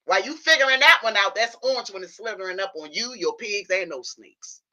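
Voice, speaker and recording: A woman's voice: mid-range voice, expressive, a little fast, bright, forceful tone, dull audio. A woman hosting a livestream, giving an impassioned monologue built on a long analogy and often asking listeners whether they follow her. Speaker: livestream host.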